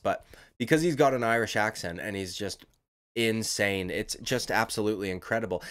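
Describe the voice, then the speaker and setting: A man's voice: fairly low pitch, moderate pace, a bit bright. A man giving casual, profane, rambling commentary as a YouTube commentator, talking emphatically.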